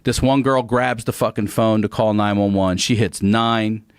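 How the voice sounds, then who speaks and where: A man in his forties with a lowish voice spins a profane, lively anecdote, jumping into the voices of the people in it. The sound is close and dry, like a studio microphone in a dead room. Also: normal speed, clear, resonant tone, dry recording. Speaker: podcast guest. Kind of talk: casual storytelling. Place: podcast studio.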